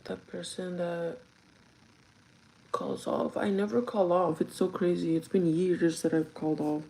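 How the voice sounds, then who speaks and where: A woman's voice: on the low side, steady tone, measured pace, warm tone, a little hiss or hum, poor audio. A young woman chatting casually while getting ready, cursing freely and laughing often. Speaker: vlogger. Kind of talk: casual get-ready-with-me chat.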